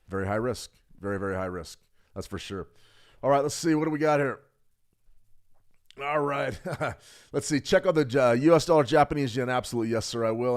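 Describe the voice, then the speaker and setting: A middle-aged man hosting a live trading stream, walking through charts quickly and joking with viewers in the chat. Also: medium pitch. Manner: fast, animated, jokes with viewers. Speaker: trading show host. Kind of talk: live market analysis with chat replies.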